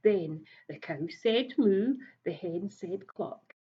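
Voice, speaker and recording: A woman reading a rhyming picture book aloud in a slow, soft, rhythmic way, like a teacher at story time. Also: medium pitch. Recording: dull lo-fi recording.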